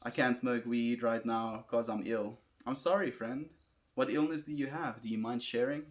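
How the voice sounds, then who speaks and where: A young man with a South African accent, livestreaming and reading chat aloud in a calm, laid-back way, often calling viewers friend. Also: mid-range voice, normal speed.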